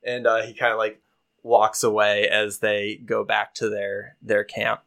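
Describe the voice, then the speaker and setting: A man's voice: lowish voice, monotone, unhurried, gravelly, fairly bright tone. A man narrating a tabletop game as game master, in a casual, hesitant way with many fillers.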